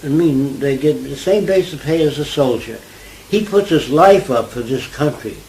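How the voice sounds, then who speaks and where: A man's voice: a little high, moderate pace, rough recording. Older new guy telling stories in an interview, keeps asking if you get it, bit of room noise. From New York. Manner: animated storyteller, asks listener if they follow. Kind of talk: conversational interview.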